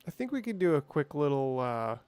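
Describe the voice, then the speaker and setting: A man's voice: a little high, sing-song, fairly quick, a little mellow, clear, resonant tone, soft background music. A man streaming a game, chatting casually and thinking aloud, with playful sound effects. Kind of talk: casual gameplay livestream chat.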